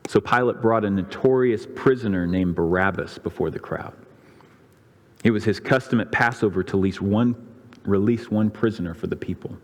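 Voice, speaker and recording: Pastor, male, lower pitch, dramatic sermon storytelling, church-hall reverb. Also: normal speed. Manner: dramatic storytelling, voicing the crowds' and priests' lines with rising pitch. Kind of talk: sermon retelling a scripture story. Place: church sanctuary.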